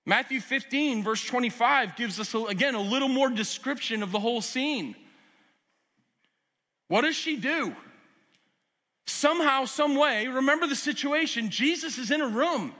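High-voiced guy preaching, super bright sound, big church reverb, gets loud then drops low. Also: lively intonation, normal speed. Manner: swings from loud urgent emphasis to quiet lowered asides. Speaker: pastor. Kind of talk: sermon. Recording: long hall reverb.

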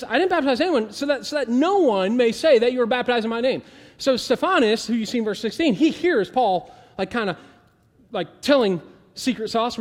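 Male pastor, conversational sermon delivery, higher-pitched voice, long reverb from a big sanctuary. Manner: conversational, animated, acts out quoted voices.

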